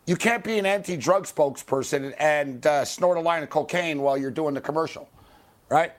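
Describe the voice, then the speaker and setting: A man hosting a late-night sports talk radio show, ranting angrily and swearing at athletes, with loud high-pitched outbursts. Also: normal speed. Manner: angry, swearing, heckling athletes by name.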